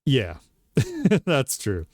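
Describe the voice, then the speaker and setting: A man's voice: mid-range voice, huge pitch swings, drawn-out words, darkish tone, no echo, studio quality. A man chatting casually as a streamer while he makes art, laid-back and joking at his own expense.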